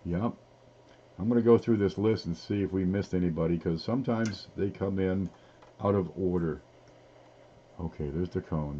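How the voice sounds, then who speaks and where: A man's voice: low-pitched, dark tone, slightly rough, lo-fi sound. A man hosting a casual live-stream giveaway, talking in a folksy, rambling way as he reads off items one by one. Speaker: livestream giveaway host.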